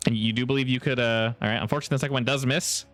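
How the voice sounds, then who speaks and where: A man's voice: mid-range voice, steady tone, a bit bright, faint music behind. A man narrating a tabletop game as game master, playful and helpful with the players. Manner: playful, quick to laugh, helpful.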